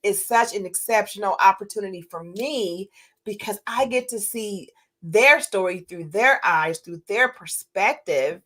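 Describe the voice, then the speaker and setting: A woman's voice: medium pitch, measured pace, pushed and bright. A woman who is a public speaker, talking earnestly as a guest on a podcast, with plenty of fillers. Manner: earnest, encouraging, many fillers. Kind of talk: casual interview chat.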